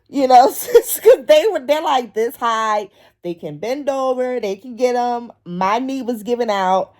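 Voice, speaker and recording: A woman vlogger telling a funny story casually, animated and swearing, acting out voices as she goes. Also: fairly high pitch, measured pace. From Philadelphia. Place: outdoors in public.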